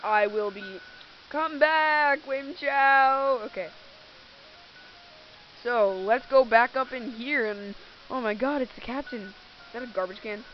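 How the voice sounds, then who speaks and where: Woman let's play host, slow rambling commentary, self-correcting, lo-fi mic. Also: on the high side. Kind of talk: casual gameplay commentary. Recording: dull lo-fi recording.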